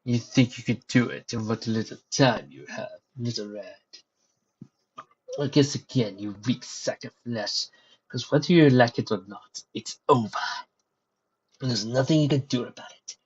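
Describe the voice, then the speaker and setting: A man's voice: medium pitch, expressive, normal speed, gravelly, darkish tone, husky. A man voicing a sneering pony warlord. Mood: menacing. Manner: mocking, coy sneer. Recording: dull lo-fi recording.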